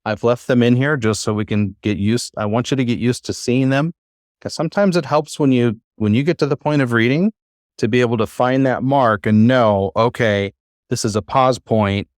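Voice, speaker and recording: A man teaching a class, talking in a relaxed, halting way with many fillers and restarts. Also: medium pitch, no room sound, clean studio sound. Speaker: Bible Hebrew teacher.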